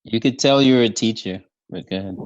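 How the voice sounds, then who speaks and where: A man's voice: fairly low pitch, brisk, no room sound. Laughing man on a dull line. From Trinidad. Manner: laughing, anecdotal storyteller. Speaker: guest actor. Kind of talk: casual chat.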